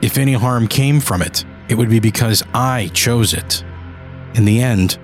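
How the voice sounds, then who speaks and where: A man's voice: medium pitch, a little slow, faint music behind. A man narrating a first-person audio drama, turning desperate and pleading in his own lines. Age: adult. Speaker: narrator and lead character.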